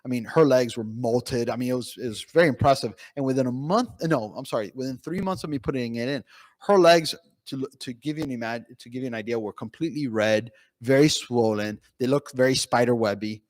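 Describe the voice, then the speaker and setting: With a brisk, medium-pitched voice and no room sound, a man at a conference speaks as a pain physician. His patient stories come out lively, broken by restarts and many fillers, in a conference room.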